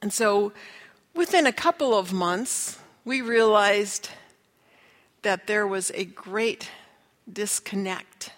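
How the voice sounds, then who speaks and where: Earnest woman sharing her story, unhurried, big reverby hall. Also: medium pitch, fairly bright tone. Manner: earnest, acts out quoted voices. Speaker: speaker sharing a testimony. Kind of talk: storytelling testimony.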